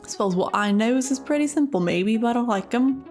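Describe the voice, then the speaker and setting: A woman's voice: fairly high pitch, animated, moderate pace, darkish tone, faint music behind, voice pushed up, natural voice. A woman voicing a chatty old male cave hermit who rambles in folksy dialect grammar, reading his lines in a put-on accent. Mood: cheery rambling.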